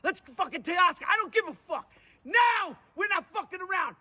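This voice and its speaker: A man in a played clip ranting furiously at a ballplayer, shouting and cursing bitterly. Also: extremely high pitch, animated, normal speed. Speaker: angry sports fan in a clip. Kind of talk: furious rant.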